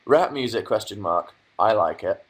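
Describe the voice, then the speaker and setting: This livestream host is a young man from England whose voice sits on the low side, slightly rough, with lively intonation at a normal speed. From his bedroom he reads chat messages out loud and responds with dry sarcasm.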